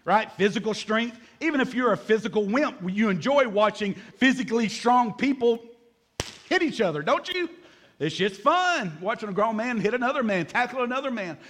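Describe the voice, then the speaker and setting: High-voiced joking pastor, fifties. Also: male voice, normal speed. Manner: lively and joking, acts out voices, calls for amens from the congregation. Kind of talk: sermon.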